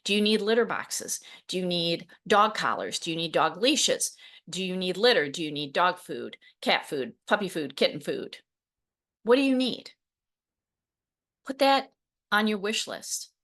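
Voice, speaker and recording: A woman in her forties hosting a podcast, telling stories with lively laughs and acted quotes. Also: on the low side, unhurried. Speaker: podcast host, program founder. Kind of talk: solo podcast talk.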